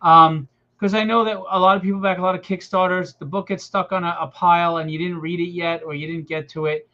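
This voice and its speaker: Male stream host, high-ish voice, loose friendly pitch, dull lo-fi sound. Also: flat delivery, a little fast, pushed and bright. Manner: chatty, encouraging, loose. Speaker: livestream host. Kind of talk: casual promotional chat.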